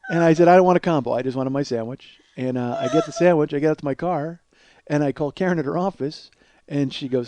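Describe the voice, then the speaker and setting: Rambling self-mocking man, high voice. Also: fast talker, warm tone, slight background noise. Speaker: comedy podcast host. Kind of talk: solo comedic storytelling.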